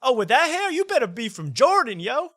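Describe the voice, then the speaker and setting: A man's voice: very high voice, sing-song, a little fast, fairly bright tone, no room sound, studio quality, pitched above the performer's own voice, exaggerated voice. A man putting on a mocking impression of a brash, slangy male comedian. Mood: hyped. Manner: slangy, hyped, crowd-pleasing.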